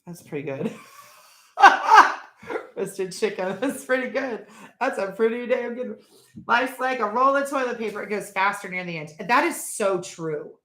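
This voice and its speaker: Middle-aged woman, live-stream host, chatty and rambling, bright tone, echoey room. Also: mid-range voice, lively intonation, unhurried. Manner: chatty, rambling, laughs at viewers' jokes. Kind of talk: casual live-stream chat.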